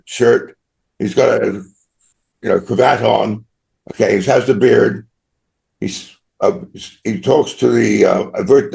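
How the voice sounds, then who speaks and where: Older man from Australia, gravelly voice, mid pitch, rambling anecdotal interview guest. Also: darkish tone. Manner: rambling anecdotal, frequent tag "right?". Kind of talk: storytelling interview.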